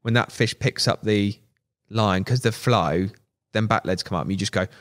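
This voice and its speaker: A man telling a fishing story as a podcast guest, animated, laughing and acting out what people said. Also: fairly low pitch, moderate pace. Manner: animated, laughing, acts out quotes. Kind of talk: casual storytelling.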